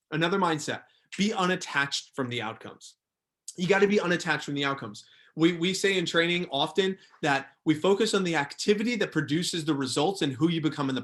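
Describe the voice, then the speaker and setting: A man's voice: on the high side, fairly bright tone. A young man leading a sales training workshop, speaking emphatically and repeating his key phrases.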